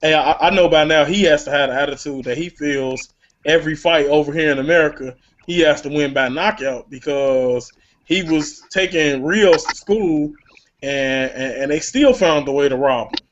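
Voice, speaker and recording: A man's voice: fairly high pitch, normal speed. A man hosting a casual boxing talk show, rambling with many stammered restarts. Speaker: podcast host. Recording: lo-fi online call with faint hiss.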